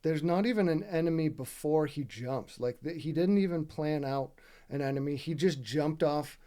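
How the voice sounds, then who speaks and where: Mellow-voiced man, casual gaming commentary, heated and profane, keeps asking the viewer to agree. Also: fairly high pitch, moderate pace. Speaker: gaming video creator. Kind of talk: casual commentary over gameplay footage.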